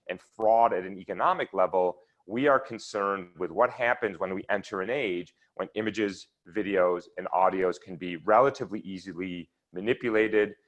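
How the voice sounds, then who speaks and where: Low-voiced man lecturing on research. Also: a bit bright. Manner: explanatory, walks listeners through charts step by step. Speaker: researcher presenting at an online seminar. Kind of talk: lecture with slides.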